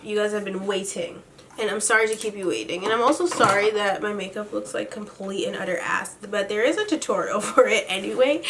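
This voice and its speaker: A woman's voice: medium pitch, a bit bright. Blunt, exasperated young woman vlogger. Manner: blunt, exasperated and slangy, with frequent laughs. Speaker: beauty and reality-TV commentary host. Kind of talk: casual recap commentary.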